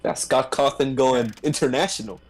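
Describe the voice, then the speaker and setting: A man's voice: mid-range voice, steady tone, normal speed, poor audio. A man streaming a game with a friend, joking and laughing often as he chats. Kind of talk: casual gaming stream chat.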